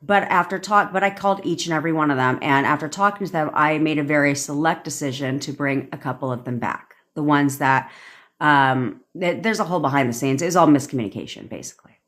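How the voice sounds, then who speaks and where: A woman's voice: low-pitched, fast talker, a bit bright. A woman manifestation coach on a livestream, ranting bluntly with swearing and acting out quoted lines. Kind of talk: livestream rant.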